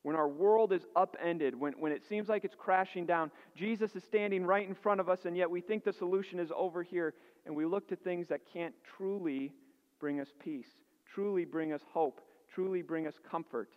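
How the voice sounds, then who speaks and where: A pastor preaching a sermon earnestly, building emphasis and asking rhetorical questions. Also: male voice, high-pitched, normal speed, long reverb tail, highs cut off.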